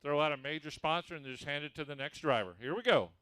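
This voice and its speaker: A man's voice: a little high, fast talker, fairly bright tone, smooth, no room sound. Folksy man announcing on a handheld mic. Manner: folksy, joking, gives instructions. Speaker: announcer introducing drivers. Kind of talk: event announcing over a microphone. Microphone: handheld microphone.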